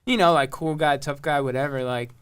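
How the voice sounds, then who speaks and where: High-voiced young man, casual and profane. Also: a little fast, a bit bright, clear, resonant tone. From Long Island, New York. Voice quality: high-pitched voice. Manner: loose, profane, laughing a lot. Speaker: rapper. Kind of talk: casual chat.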